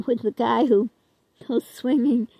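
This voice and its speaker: A woman's voice: on the high side, fairly even intonation, slow pace, vocal fry, warm tone, no room sound, poor audio. An older woman vlogger chatting casually to her viewers, rambling and self-deprecating, often trailing off with "I don't know.".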